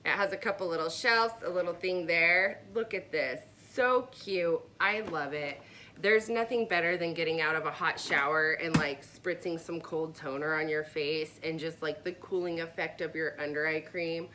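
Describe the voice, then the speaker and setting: A woman's voice: deep voice, moderate pace, pushed and bright, a little hiss or hum. A woman vlogger chatting casually and enthusiastically about her favorite products, with rambling asides. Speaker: beauty vlogger.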